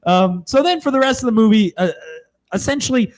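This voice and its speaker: A man's voice: very high voice, lively intonation, a little fast. A man co-hosting a casual movie podcast, laughing often and swearing casually as he breaks down a film. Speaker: podcast co-host. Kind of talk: casual movie review chat.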